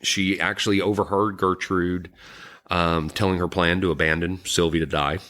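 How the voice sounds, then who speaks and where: A man co-hosting a podcast, recounting a true crime story in a somber, halting way, with frequent ums and restarts. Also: sits low, level tone, a bit bright. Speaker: podcast co-host.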